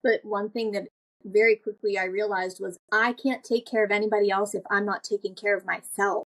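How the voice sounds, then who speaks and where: A woman's voice: medium pitch, steady tone, fairly quick, a bit bright. A woman hosting a podcast interview, speaking in an enthusiastic, gushing way. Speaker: podcast host.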